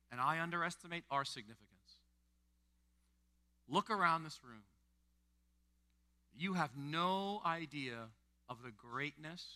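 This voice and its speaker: High, bright-voiced preaching man. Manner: animated, rising to loud emphatic peaks then dropping soft and intimate. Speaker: pastor. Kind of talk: sermon. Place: church hall before a congregation.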